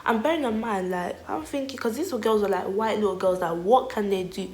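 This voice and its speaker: A young woman telling a storytime vlog in animated, slangy style, laughing often. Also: mid-range voice, fairly quick, echoey room, a little hiss or hum. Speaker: vlogger.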